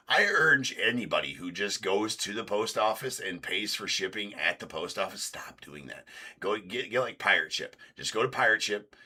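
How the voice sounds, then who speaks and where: Male stream host, deep but bright tone, rambling casual storyteller. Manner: rambling, reenacts arguments in raised voice. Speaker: card break host. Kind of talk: casual livestream chat.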